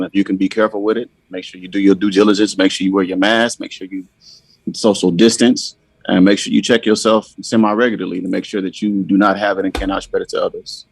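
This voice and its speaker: A man with a very deep, gravelly voice that barely moves in pitch, recorded dry and close. He talks in an earnest, steady, somber way. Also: dry recording. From Bakersfield, California. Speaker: podcast guest. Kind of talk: casual podcast chat.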